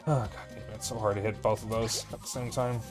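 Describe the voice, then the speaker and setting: A man's voice: fairly low pitch, steady tone, fast, over music. Casual, profane young male game streamer. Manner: candid, profane, rambling with fillers. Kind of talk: casual gameplay commentary.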